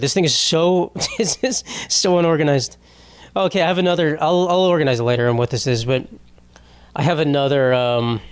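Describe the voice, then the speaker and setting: A young man riffs alone on his podcast, annoyed and rambling, tripping over his own restarts and dropping curses. His voice sits at an ordinary middle pitch. The sound is close and dry, with no room echo. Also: smooth. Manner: rambling, exasperated, swears a lot, many restarts. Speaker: podcast host. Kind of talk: unscripted comedic solo podcast rant.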